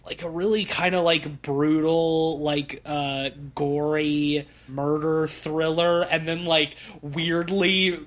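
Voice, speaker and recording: A man's voice: a little high, level tone, takes it slowly, hardly any pauses, fairly bright tone. A man co-hosting a podcast, talking about movies in a rambling, casual way with many fillers. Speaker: podcast co-host. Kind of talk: casual film chat.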